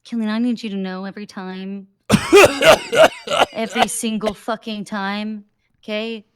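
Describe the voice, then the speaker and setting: A woman's voice: mid-range voice, little pitch movement, moderate pace, clean tone. A woman playing a judge in an online roleplay, talking bluntly and swearing freely as she lectures the lawyers in front of her. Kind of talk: in-character roleplay.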